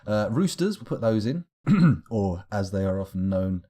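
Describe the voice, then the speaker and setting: A man's voice: fairly low pitch, very animated, measured pace, warm tone. A young man streaming a game live, rambling through wry, self-correcting musings as he plays.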